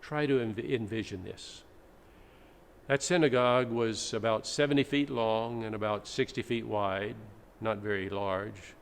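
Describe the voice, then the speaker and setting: Gravelly-voiced man preaching in a church. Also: fairly low pitch, steady tone, measured pace. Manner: explanatory, teacherly, with dramatic readings. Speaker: pastor. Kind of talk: sermon. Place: church sanctuary. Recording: echoey church, faint background noise.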